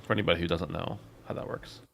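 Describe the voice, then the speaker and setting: A man's voice: low-pitched, fairly even intonation, fast, vocal fry, fairly bright tone, a little hiss or hum. A man hosting a gaming podcast, chatting casually and joking around as he runs the show. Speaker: podcast host.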